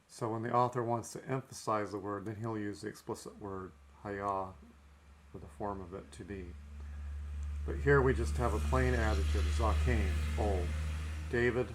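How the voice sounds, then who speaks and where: Low-voiced man teaching a lesson. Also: slight background noise. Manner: methodical, frequent "okay" between points. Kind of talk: recorded language lesson.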